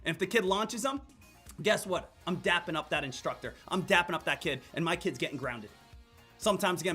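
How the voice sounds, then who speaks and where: A young man from Pennsylvania talking casually on a trading stream, telling stories in an animated way and often filling in with "again" and "right?". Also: sits high. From Pennsylvania, USA. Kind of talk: casual trading livestream talk.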